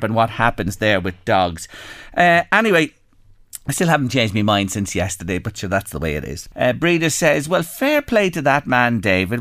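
Lively Irish radio host, dry studio sound. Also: male voice, medium pitch, no room sound. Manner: lively storytelling, animated when reading. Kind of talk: casual radio chat, reading listener messages.

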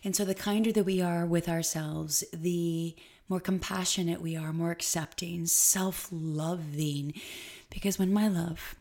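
A woman's voice: on the low side, steady tone, unhurried, creaky, dark tone. A woman hosting a solo spiritual podcast, talking in a rambling, stream-of-consciousness way with emphatic moments. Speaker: podcast host.

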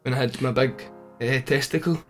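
A man's voice: medium pitch, fairly even intonation, moderate pace, soft background music. A man with a Scottish accent in casual chat, rambling through anecdotes, trailing off and chuckling.

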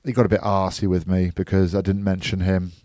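A man's voice: low voice, level tone, brisk, darkish tone, no room sound, studio quality. A man co-hosting a casual podcast, telling stories and chatting with his friend. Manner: chatty, laughs at own stories, acts out mates' voices. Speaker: podcast co-host.

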